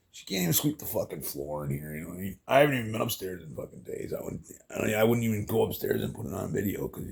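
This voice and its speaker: A middle-aged man venting in a rambling vlog monologue, swearing constantly and leaning on fillers, upset and emotional. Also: low voice. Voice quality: gravelly, husky. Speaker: vlogger.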